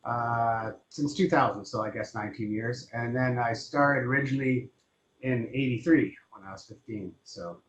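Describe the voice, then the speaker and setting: A guest drummer in his fifties casually tells his story with many fillers, his medium-pitched voice moving at a moderate pace. The recording sounds roomy and dull, with faint noise.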